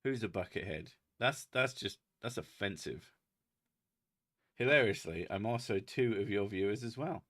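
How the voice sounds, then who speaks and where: A British man with a lower, bright and forceful voice chats loosely with viewers. He laughs often, swears freely and mocks himself between comments. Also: animated, normal speed. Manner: laughing, self-mocking, swearing. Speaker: host. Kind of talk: casual chat reading viewer comments.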